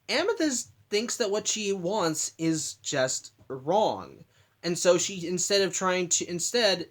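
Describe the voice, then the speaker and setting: A man's voice: fairly high pitch, a bit bright. A man hosting a casual spoken analysis of a cartoon episode at home, rambling, restarting sentences and apologizing for interruptions. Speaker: host.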